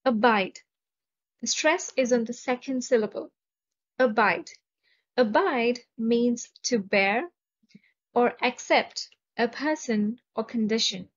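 A woman's voice: a little high, unhurried. A woman with an Indian English accent teaching vocabulary, carefully pronouncing each word and reading example sentences. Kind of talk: slow, deliberate vocabulary lesson. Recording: dull lo-fi recording.

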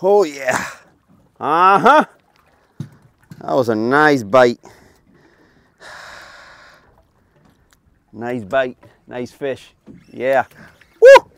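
A man filming his fishing trip on a small boat far offshore, talking casually and exclaiming loudly over each catch. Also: mid-range voice, very slow, creaky, long pauses, slight background noise. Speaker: fishing vlogger. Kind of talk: excited casual commentary.

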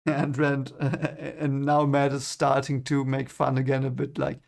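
A man's voice: medium pitch, little pitch movement, normal speed, gravelly, few pauses. A young man giving first-time read-along commentary on a book, hesitant and repeating his words, often chuckling. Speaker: book reader reacting.

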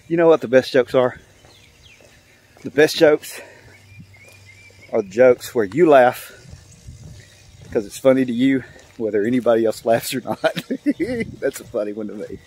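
A man's voice: medium pitch, lively intonation, a little mellow, slightly rough. An older man telling a joke in a casual, rambling way, full of fillers and repeats. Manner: rambling, drawn-out storytelling with many fillers. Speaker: channel host.

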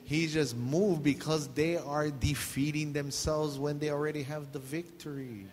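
A man's voice: a little high, steady tone, measured pace, a little mellow. A man pastor, preaching a joking sermon, laughing often and acting out quotes. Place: church hall. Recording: long hall reverb, faint noise.

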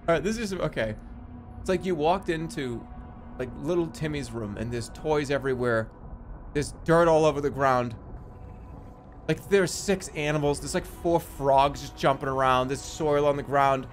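Brief: male streamer, slightly high, lively pitch, rowdy jokey commentary, faint music behind. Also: normal speed. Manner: excitable, jokey, swears freely. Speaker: streamer playing a strategy game. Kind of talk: casual live game commentary.

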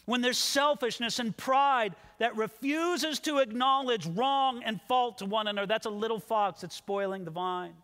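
Male pastor with a high voice, animated sermon delivery, long hall reverb. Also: normal speed, few pauses. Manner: animated, acts out quoted voices. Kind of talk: expository sermon.

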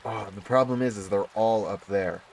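A man giving casual commentary on his own gameplay, excitable and prone to bursts of delight. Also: lowish voice, normal speed, gravelly, slight background noise. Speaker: gaming YouTuber.

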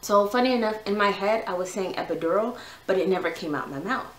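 A woman's voice: medium pitch, expressive, fast, reverberant, rough recording. A young woman vlogger telling a long personal story in a chatty, casual way, full of "like" and "yo". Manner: chatty, lots of "like" and "yo".

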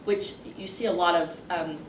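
A woman leading a Sunday school lesson, explaining a Bible passage in a conversational way with pauses and fillers. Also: fairly low pitch, steady tone. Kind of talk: Bible class teaching. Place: classroom with a group. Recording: roomy, distant mic, faint noise.

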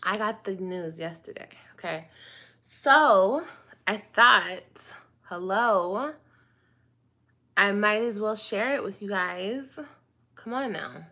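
A woman's voice: medium pitch, slow, creaky, long pauses, pushed and bright. A woman talking to her viewers in a casual monologue, dramatic and drawn out, addressing them again and again. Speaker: online video host.

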